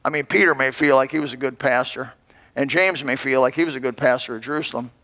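A man's voice: medium pitch, steady tone, fast talker, pushed and bright. A man in his sixties, a pastor giving a folksy, rambling sermon full of restarts. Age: 60s. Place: church. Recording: long hall reverb.

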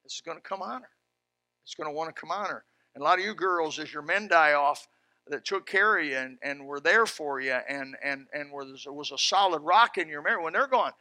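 A man preaching a sermon in a folksy, fervent way, dropping to a hush and then rising loud. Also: on the high side, brisk, dry recording. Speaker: pastor.

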